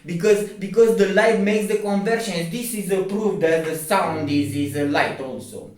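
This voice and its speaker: A man with Romanian as his first language, explaining things in a halting, rambling way, with many restarts. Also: sits high, a little mellow, far from the mic. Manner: halting, many restarts, non-native phrasing. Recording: very echoey room, from afar.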